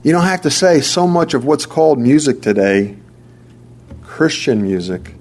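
A man preaching a sermon in a fairly high voice. He leans hard on key phrases, repeats them for weight, and stumbles into quick restarts as he builds his point. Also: animated, a little mellow.

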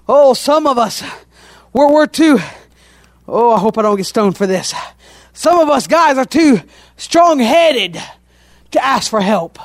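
High-voiced man preaching a fiery sermon. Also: expressive, unhurried, dry recording. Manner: impassioned, often breaks into shouting; folksy, repeated "oh" between phrases.

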